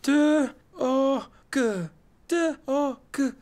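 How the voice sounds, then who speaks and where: A woman voicing a cheerful, eager young male dog who is learning his letter sounds and repeats them excitedly. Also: sits high, very slow, slight background noise. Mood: proud.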